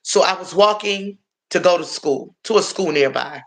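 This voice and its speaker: A woman's voice: fairly low pitch, moderate pace. A middle-aged woman from Washington, D.C., telling viewers about her past on a livestream in an earnest, confiding way. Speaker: livestream host sharing her story. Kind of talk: emotional personal testimony on a livestream.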